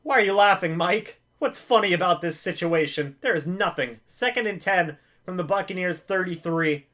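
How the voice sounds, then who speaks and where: A man with a fairly high voice hosts a live reaction to a game. He calls the plays excitedly and begs the players not to mess up. He jokes about the pain of losing. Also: normal speed. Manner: excitable, pleading with players, self-mocking humor. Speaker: live-stream reaction host.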